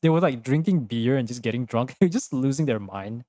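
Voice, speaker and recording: A man's voice: mid-range voice, animated, brisk, warm tone, no echo, clean studio sound. A young man streaming a game from his room, chatting casually and rambling through jokes, swearing freely and laughing often. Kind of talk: casual live-stream chat while gaming.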